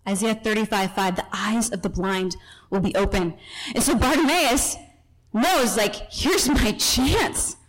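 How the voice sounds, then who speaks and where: A woman's voice: medium pitch, a little slow, rough recording. A woman teaching a Bible passage in a chatty, storytelling way, correcting herself in passing and acting out the people in the story. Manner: chatty asides and self-corrections.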